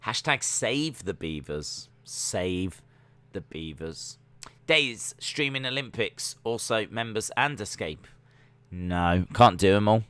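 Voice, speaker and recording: A man's voice: lowish voice, animated, takes it slowly, fairly bright tone, smooth. A man hosting a live stream watch-along, commenting casually on sport while reading out chat in a jokey, rambling way with many fillers.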